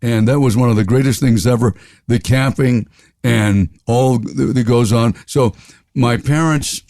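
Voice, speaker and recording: Older Southern-raised radio veteran, interview guest, loves jokes and silly voices; dry close mic. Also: male voice, mid-range voice, unhurried, dark tone, no echo. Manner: jokey, playful voices, laughs often. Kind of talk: storytelling interview.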